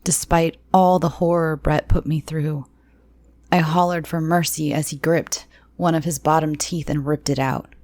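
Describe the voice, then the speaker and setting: A woman narrating a first-person horror story in a slow, hushed, tense reading. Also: low-pitched, steady tone, dry recording.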